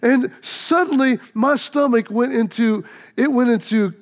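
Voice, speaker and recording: High-voiced, animated male preacher. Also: unhurried. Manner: animated storyteller, acts out the voices in his story. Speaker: pastor. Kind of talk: sermon with a personal story.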